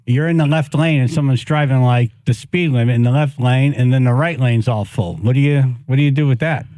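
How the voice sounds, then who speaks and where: A man's voice: mid-range voice, brisk, warm tone, no echo. A man hosting morning radio, easygoing and laughing as he sets up segments. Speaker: radio host.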